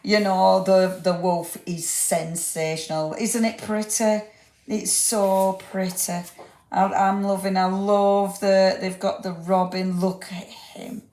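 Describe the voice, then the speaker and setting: A woman's voice: mid-range voice, flat delivery, slow, darkish tone. A woman hosting a live craft show, chatty and gushing as she shows each item and talks to viewers by name. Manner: talks to viewers by name, asks them questions. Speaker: craft livestream host. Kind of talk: live product demonstration. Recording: echoey room.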